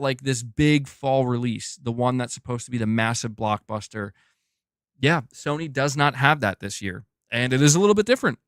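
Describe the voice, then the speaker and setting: A man hosting a gaming news livestream, reading viewer messages in casual, excitable chat and calling people "dude". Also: mid-range voice, clear, resonant tone, no echo, studio quality. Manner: excitable and chatty, often says "dude".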